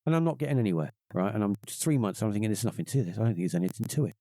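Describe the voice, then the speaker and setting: Animated middle-aged man, low and dark. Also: rapid-fire, dry recording. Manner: animated, acts out quoted voices in a higher pitch. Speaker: podcast guest. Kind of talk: casual storytelling.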